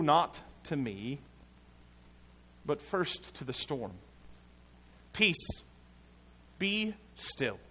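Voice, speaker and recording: A man delivers a sermon in an emphatic, measured way. His voice sits a little high, and he takes his time, letting pauses land between phrases. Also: a bit bright. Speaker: pastor.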